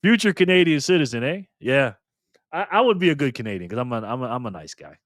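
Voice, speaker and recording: A man's voice: medium pitch, sing-song, fast, a bit bright, no echo, studio quality. An older man hosting a live stream in a casual, chatty way, thanking viewers by name and swearing now and then.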